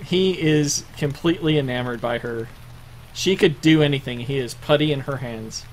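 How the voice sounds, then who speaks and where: A man's voice: medium pitch, a little hiss or hum, low-quality recording. A man running a tabletop game, narrating in a laughing, easygoing manner. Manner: slow, laughing.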